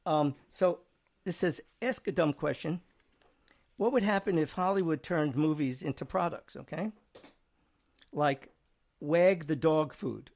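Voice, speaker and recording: A man's voice: on the high side, unhurried, vocal fry, long pauses, a little mellow. A man hosting a casual studio chat show, rambling and chuckling as he reads out jokes. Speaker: show host.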